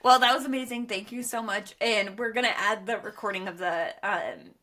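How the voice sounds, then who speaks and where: A woman's voice: mid-range voice, normal speed, sharp tone. A woman hosting a casual podcast chat, giggly and enthusiastic as she reacts to stories. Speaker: podcast host, daughter.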